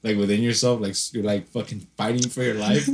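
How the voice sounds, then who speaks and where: A man's voice: fairly low pitch, little pitch movement, fast talker, background noise. A man telling rambling stories in casual podcast chat, full of fillers and swearing. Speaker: podcast co-host.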